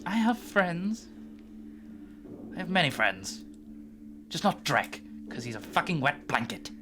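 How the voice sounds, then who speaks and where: A man's voice: a little high, big pitch swings, a little slow, pushed and bright, slight background noise, voice pushed up, full character voice. A man voicing a gleeful, crude male god of chaos who swears and mocks mortals. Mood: mocking. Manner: giggly, swearing, mocking. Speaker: game master.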